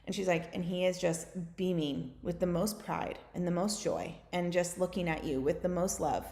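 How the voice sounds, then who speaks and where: This American woman in her thirties speaks in a low, steady, slightly mellow voice. As a guest on a casual podcast, she tells stories quickly and leans heavily on fillers, especially "like," with roomy echo in the recording.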